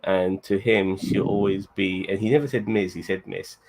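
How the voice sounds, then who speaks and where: A man's voice: low voice, fairly even intonation, normal speed, heavy background noise. A man co-hosting a podcast, casually recapping an episode in a rambling way with many fillers and restarts. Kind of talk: casual chat.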